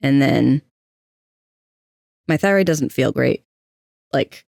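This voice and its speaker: A man's voice: mid-range voice, expressive, takes it slowly, creaky, darkish tone, no echo, clean studio sound. A young adult trans man co-hosting a podcast, telling personal stories in a candid, anxious, self-deprecating way. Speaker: podcast co-host. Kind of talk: casual personal storytelling.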